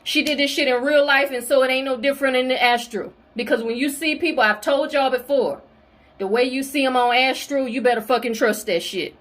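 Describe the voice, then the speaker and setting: A woman's voice: sits high, brisk, a bit bright. A woman delivering a heated spiritual rant, profane, fiery and confrontational. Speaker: spiritual video creator.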